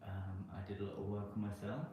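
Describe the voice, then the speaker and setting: A man's voice: lowish voice, steady tone, fast. A man chatting playfully as a podcast guest, talking about himself with cheeky boasts. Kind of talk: casual podcast chat. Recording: echoey room, faint noise.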